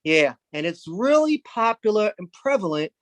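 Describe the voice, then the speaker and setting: A man from Brooklyn, doing a rambling, deadpan stand-up set. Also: sits high, moderate pace, dry recording. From Brooklyn, New York. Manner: rambling, deadpan, with sudden loud jumps into put-on voices. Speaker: stand-up comedian.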